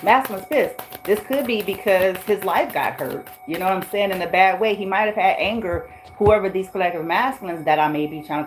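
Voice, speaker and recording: A woman's voice: lowish voice, poor audio. A woman giving a spoken tarot reading in a blunt, profane, slangy way. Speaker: tarot reader.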